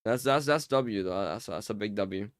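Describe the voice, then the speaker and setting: A man with a smooth, clean voice in a dry, close recording, talking casually to chat while he plays. He teases viewers with mock offense and often stumbles over his words, repeating them as he jokes. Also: fairly low pitch, normal speed, no echo. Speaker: game streamer. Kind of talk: casual live-stream chat while playing.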